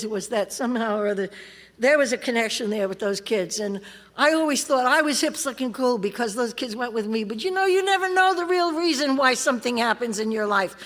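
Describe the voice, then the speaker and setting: Middle-aged woman speaker, pitch a bit high, salty wry storytelling, long hall reverb. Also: animated, brisk, fairly bright tone. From California. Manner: streetwise, wry storyteller, laughs through the story. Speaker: AA convention speaker. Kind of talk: recovery talk, personal story. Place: convention hall. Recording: live convention hall reverb.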